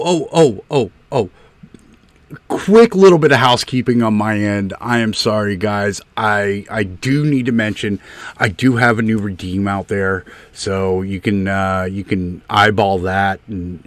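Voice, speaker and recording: A man's voice: low-pitched, no room sound. A man hosting a live stream, chatting casually with a guest, teasing and joking with lots of fillers. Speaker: stream host.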